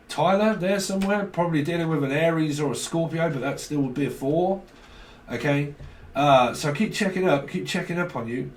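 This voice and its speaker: A man rambles through a casual tarot reading, loose and chatty with the odd curse. His voice sits a little high for a man. The room around him rings with echo. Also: a little fast. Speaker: tarot reader.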